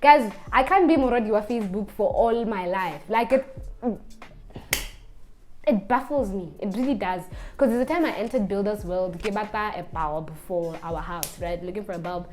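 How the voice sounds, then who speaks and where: A young woman, telling a casual storytime vlog in an animated way. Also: mid-range voice, moderate pace, soft background music. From Botswana. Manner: animated storyteller, acts out the people she quotes. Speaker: vlogger.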